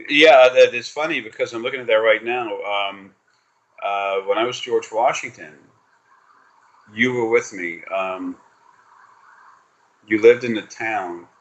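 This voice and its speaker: A man's voice: fairly low pitch, a little slow, long pauses, muffled recording. A man giving a casual spiritual reading over a video call, rambling and swearing, with many fillers and restarts. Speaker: spiritual reader.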